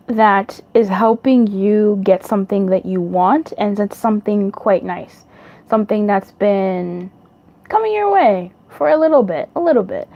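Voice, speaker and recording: A woman's voice: medium pitch, dull audio. A woman giving a casual pick-a-card tarot reading, chatty and rambling, laughing at her own jokes and swearing freely. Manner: rambling, self-correcting.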